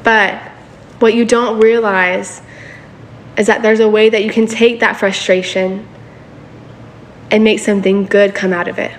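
A woman's voice: medium pitch, level tone, measured pace, slight background noise. Casual, chatty woman preacher. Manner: casual, asks listeners for agreement. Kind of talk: conversational sermon.

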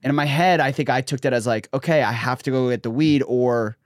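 A man telling a story in casual chat, animated, jumping into other voices for the people he quotes. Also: mid-range voice, brisk, no room sound, clean studio sound. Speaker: guest.

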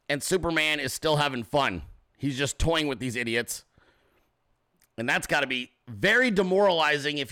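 A man hosts a political talk show, ranting brashly with plenty of sarcasm. His voice sits a little high for a man and sounds bright and forceful throughout. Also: clean tone. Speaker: podcast host.

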